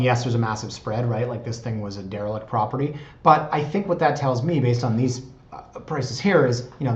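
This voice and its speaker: A man in his thirties, a real estate agent chatting enthusiastically about house listings in a casual vlog. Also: mid-range voice. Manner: chatty and enthusiastic, tags lines with "right?". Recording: roomy, slightly dull recording.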